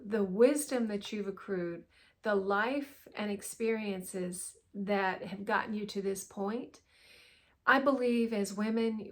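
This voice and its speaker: A middle-aged woman talking to camera in an earnest, halting way, full of restarts and at times choked up. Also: medium pitch. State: choked up, emotional. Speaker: wellness vlogger. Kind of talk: heartfelt talk to camera.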